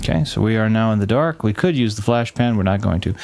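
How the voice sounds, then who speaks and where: A man's voice: on the low side, expressive, quick pace, few pauses, darkish tone, soft background music. A man giving casual gameplay commentary while chatting with live viewers, rambling with frequent restarts and self-corrections. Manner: reads game text aloud between chatting with viewers. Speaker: game streamer.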